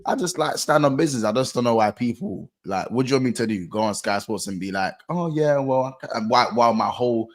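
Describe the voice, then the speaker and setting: A young man chatting casually about football on a podcast, laid-back and slangy, trailing off quietly. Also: mid-range voice, lively intonation, fast, few pauses. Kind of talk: casual chat.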